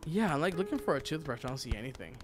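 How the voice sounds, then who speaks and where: A man's voice: fairly high pitch, big pitch swings, very fast. A male streamer in casual gaming chat, playful and giggly, slipping into goofy voices. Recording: music loud behind.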